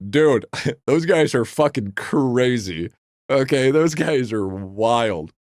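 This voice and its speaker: Male game streamer, casual and profane, middling pitch, dead-dry room sound. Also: no room sound. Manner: rambling, profane, excitable. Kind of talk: casual live-stream chat.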